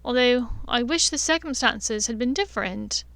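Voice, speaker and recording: A woman voicing a warm, friendly middle-aged witch with a direct, motherly manner. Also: on the high side, moderate pace, creaky, dry recording.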